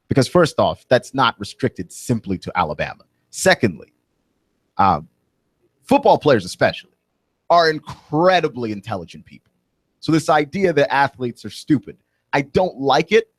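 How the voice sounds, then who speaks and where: A man's voice: medium pitch, no room sound. A man hosting a radio talk show, ranting with indignant, rising emphasis from a studio microphone.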